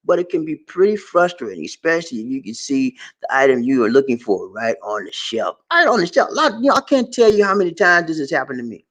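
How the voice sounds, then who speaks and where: A man living abroad talking casually to his viewers, animated, acting out shop conversations and repeating phrases for emphasis. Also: a little high, fast talker, reverberant. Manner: animated, acts out shop dialogues. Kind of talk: casual live-stream talk to viewers. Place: indoors, in the Philippines.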